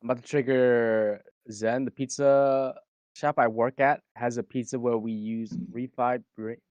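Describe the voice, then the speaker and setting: A man's voice: mid-range voice, steady tone, a little slow, darkish tone, clear, resonant tone, no room sound. A man co-hosting a casual stream chat, joking in a laid-back way and reading chat messages aloud. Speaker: VTuber streamer and co-host.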